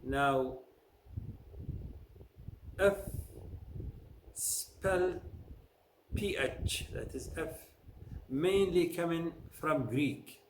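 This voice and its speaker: Slow, deliberate man drilling pronunciation. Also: on the high side. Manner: says each word clearly, then repeats the list. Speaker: pronunciation teacher. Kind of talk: slow drilled word lists. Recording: echoey room with faint noise.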